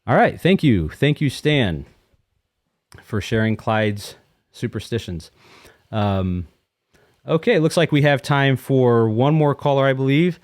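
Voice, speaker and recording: A man hosts a call-in segment in a relaxed, easygoing manner. His voice sits at a medium pitch, and it is recorded close and dry, with no room echo. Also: slow, pauses often. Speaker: podcast host.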